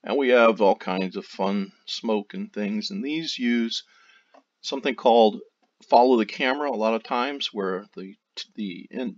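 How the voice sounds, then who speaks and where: Low-voiced man explaining software. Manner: steady step-by-step explaining, loose phrasing. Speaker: software tutorial presenter. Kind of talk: screen-recorded tutorial narration. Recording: dull lo-fi audio.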